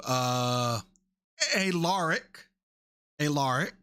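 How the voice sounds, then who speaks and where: A man in his thirties hosting a casual chat, answering viewer questions in a blunt, animated way and swearing freely. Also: fairly high pitch, unhurried. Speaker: reaction channel host.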